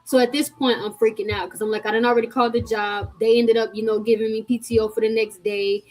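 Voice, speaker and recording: Young woman, casual vlog storytelling, lively and chatty, slightly high voice, webcam mic. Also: quick pace, low-quality recording. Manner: animated, chatty, addresses viewers as y'all. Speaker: vlogger.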